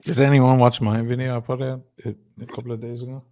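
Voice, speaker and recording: A man's voice: medium pitch, level tone, quick pace, darkish tone, no room sound, studio quality. A tipsy man co-hosting a casual livestream chat, laid-back and mumbling, swearing often.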